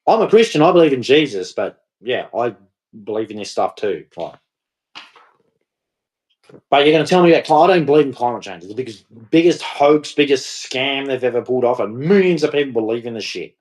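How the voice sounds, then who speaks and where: A man's voice: medium pitch, animated, a little fast, a little mellow. A man ranting to camera in a scornful, mocking, rambling way. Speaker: vlogger. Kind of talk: casual rant to camera.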